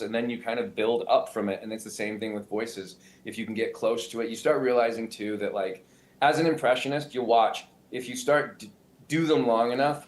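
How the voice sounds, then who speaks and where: A male comedian and impressionist explaining his craft in an animated, self-interrupting way, often restarting sentences. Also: mid-range voice. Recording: roomy echo.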